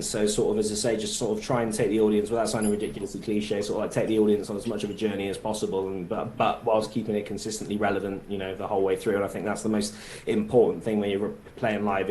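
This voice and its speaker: A man's voice: on the low side, darkish tone, echoey room. Rambling man with a Bristol accent. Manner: rambling, many verbal fillers. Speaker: musician guest. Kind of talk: casual interview chat.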